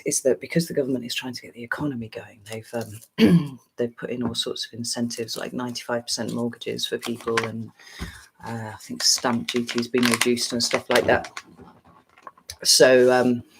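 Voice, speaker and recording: A middle-aged English woman hosting a casual live stream, greeting viewers by name and clearing her throat often. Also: extremely low pitch, slight background noise. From England.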